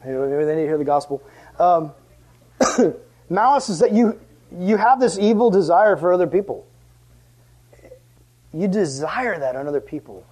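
A man's voice: high voice, lively intonation, moderate pace, pauses often, darkish tone, breathy edge. Man preaching a casual youth sermon. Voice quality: conversational, joking, building to emphatic passion. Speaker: youth pastor. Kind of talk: casual evening sermon to young people.

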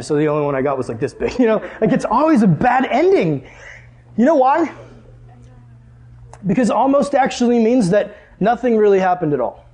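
High-voiced, animated young preacher. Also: male voice. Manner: animated, jokey, acts out dialogue with big pitch jumps. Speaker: youth pastor. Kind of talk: sermon with storytelling.

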